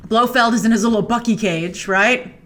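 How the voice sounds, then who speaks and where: Chatty woman host, higher-pitched. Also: moderate pace. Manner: animated and playful, thinking aloud with many asides. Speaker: film trailer reviewer and show host. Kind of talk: casual chatty commentary over a trailer.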